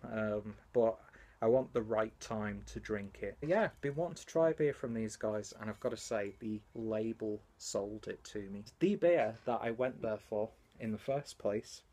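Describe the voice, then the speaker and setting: A man's voice: on the low side, darkish tone. A young man, chatting casually in a home vlog, rambling, self-mocking and swearing freely. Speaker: beer vlogger. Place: home, indoors and in a basement.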